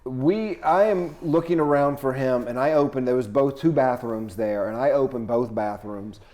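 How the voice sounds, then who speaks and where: A man who tours as a comedian tells a wild story as a podcast guest, talking at normal speed. He's animated and profane, dropping into low asides and rising to loud outbursts.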